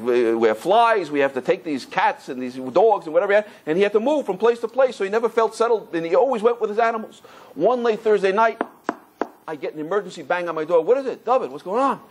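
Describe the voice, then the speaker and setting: A man, a rabbi telling a story in a lecture, animated and acting out the voices of people in it, with many restarts. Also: sits high.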